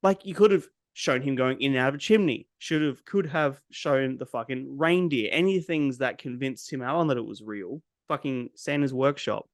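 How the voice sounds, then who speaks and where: A man's voice: medium pitch, moderate pace, few pauses, dry recording, clean studio sound. A man hosting a casual movie podcast, blunt and cynical, swearing freely as he picks films apart. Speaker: podcast host. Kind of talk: casual movie review chat.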